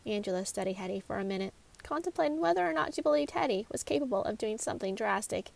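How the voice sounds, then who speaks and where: A woman reading her own short mystery story aloud, in a measured, expressive narration. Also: medium pitch, vocal fry.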